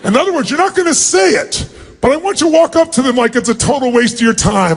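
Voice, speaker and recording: Talking fast in an extremely high-pitched voice, a seminar speaker runs an audience exercise live in a large hall. He calls out to the crowd of thousands with commanding energy, directing what they should do.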